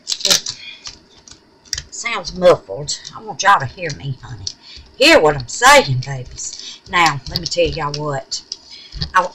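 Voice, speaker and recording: A woman's voice: on the low side, noisy background. A woman with a Southern US accent hosting a resin craft tutorial at home, folksy and chatty, calling viewers babies and honey as she works. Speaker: resin craft channel host.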